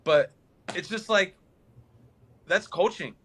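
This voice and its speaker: A young man co-hosting a casual sports podcast, talking in animated, rambling runs. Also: high-pitched, takes it slowly, slightly rough. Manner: animated, rambling, mimics players in a flat mumble. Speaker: podcast co-host.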